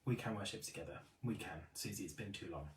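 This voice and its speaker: A man's voice: sits low, fast, roomy sound, far from the mic. A man hosting a live stream for a beauty retailer, chatting casually, reading out viewer comments and often apologising. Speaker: livestream host for a beauty retailer.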